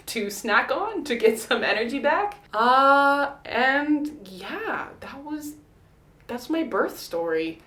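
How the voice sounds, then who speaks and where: Chatty young woman in echoey room. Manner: animated, laughs often, acts out quotes in high voice. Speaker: vlogger. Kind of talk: casual storytelling to camera.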